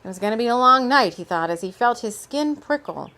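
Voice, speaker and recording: A woman reading her own story aloud in a relaxed way, stopping now and then for unscripted asides. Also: fairly high pitch, fairly quick. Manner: relaxed, with off-script asides and laughs.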